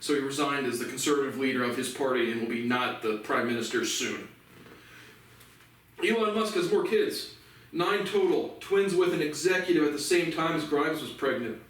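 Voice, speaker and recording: A man's voice: mid-range voice, moderate pace, a bit bright. A man hosting a casual news commentary, ranting sarcastically and swearing a lot. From United States. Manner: profane, sarcastic ranting with laughs. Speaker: commentary show host. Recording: echoey room, mic far off.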